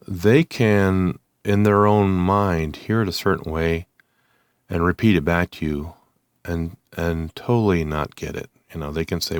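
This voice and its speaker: A man talking alone to his listeners, slowly and haltingly, with many ums and restarts. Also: low-pitched, clean tone, dry recording, studio quality. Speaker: channel host. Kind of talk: unscripted monologue to camera.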